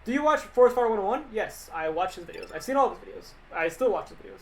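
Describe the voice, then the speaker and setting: A young man rambling casually on a livestream, reading viewer questions aloud and answering them into a desk mic that clips when he gets loud. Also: high-pitched, expressive, fast talker. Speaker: livestreaming animator.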